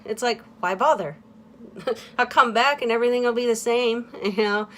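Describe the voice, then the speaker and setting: Candid, halting woman vlogger. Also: a little high, a bit bright. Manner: candid and halting, with many fillers and restarts. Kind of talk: casual confessional monologue.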